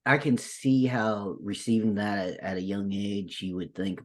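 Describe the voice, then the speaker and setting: Podcast host, man, very low voice, calm and reflective. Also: measured pace, hardly any pauses. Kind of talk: casual chat.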